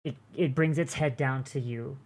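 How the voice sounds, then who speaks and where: A woman's voice: very deep voice, steady tone, moderate pace, darkish tone. A woman narrating a tabletop game as game master, rambling with many fillers as she describes scenes.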